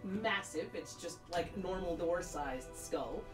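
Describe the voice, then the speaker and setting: A woman's voice: lowish voice, slow pace, reverberant, far from the mic, music in the background, rough recording. Rambling woman game master. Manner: rambling with many fillers. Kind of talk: narrating a tabletop game.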